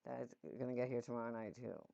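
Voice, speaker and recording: A woman from Massachusetts co-hosts a podcast in a rambling, easygoing way, laughing often. Her voice has a gravelly, fried edge. The recording sounds dull and lo-fi. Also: very deep voice, level tone, fast talker, crowd noise. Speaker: podcast co-host. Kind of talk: casual chat.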